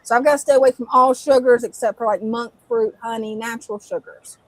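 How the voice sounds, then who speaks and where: A woman with a high voice co-hosts a live stream, chatting easily and laughing along with her co-host. The sound is dry, with no room echo. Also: steady tone. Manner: chatty, quick to laugh and agree. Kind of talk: casual chat, reading viewer comments.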